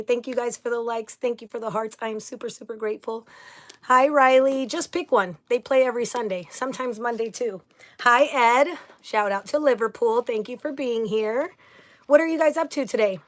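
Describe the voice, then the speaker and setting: A woman hosting a casual livestream. She chats upbeat and effusive, greeting viewers one by one. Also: fairly high pitch. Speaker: livestream host.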